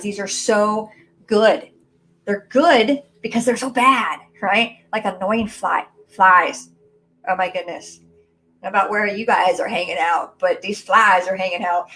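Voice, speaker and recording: A woman's voice: medium pitch, a bit bright. Rallying woman coaching viewers live. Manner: emphatic and rallying, speaks straight to viewers. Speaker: mindset and business coach. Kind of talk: live social media coaching talk. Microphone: low-quality built-in mic.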